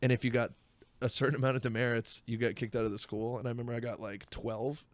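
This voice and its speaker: A man's voice: mid-range voice, flat delivery, fast, no room sound. A man hosting a podcast as a stand-up comic, chatting casually in a profane, rambling, riffing way. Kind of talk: casual chat.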